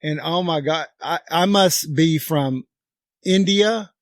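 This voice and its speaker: A middle-aged man with an Oklahoma accent, rambling through a casual podcast chat. He leans on words emphatically and drags some out for effect. His voice sits a little high, recorded close and dry. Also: takes it slowly, dry recording. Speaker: podcast co-host.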